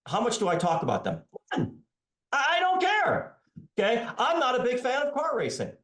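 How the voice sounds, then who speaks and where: A man in his fifties, an economics professor, talking in a podcast interview in a sarcastic, animated way. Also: very high-pitched, moderate pace, roomy sound. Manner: animated and sarcastic, voicing his critics mockingly. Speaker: economics professor and author, guest.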